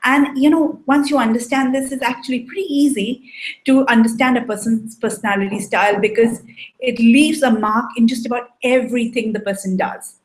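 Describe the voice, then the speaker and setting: A woman coaching on relationships, giving a measured explanatory talk and often checking in with "right?". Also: a little high. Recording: echoey room.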